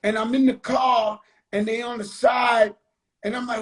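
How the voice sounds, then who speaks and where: A man's voice: very high voice, flat delivery, a little slow, a bit bright. A man hosting a talk show, chatting casually, with blunt, profane remarks and preachy asides. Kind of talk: casual chat.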